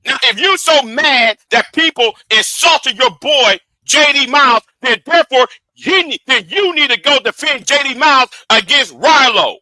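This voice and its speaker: High-pitched, sharp-voiced man ranting. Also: animated, normal speed, few pauses, dry recording, poor audio. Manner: angry, profane, directly addressing a rival. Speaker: live streamer. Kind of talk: confrontational livestream rant. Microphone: streaming setup.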